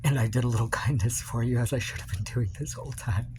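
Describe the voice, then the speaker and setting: A man's voice: mid-range voice, fast talker, a little mellow, slight background noise. A man recording a personal video message to his partner, rambling and confessional, full of fillers and restarts.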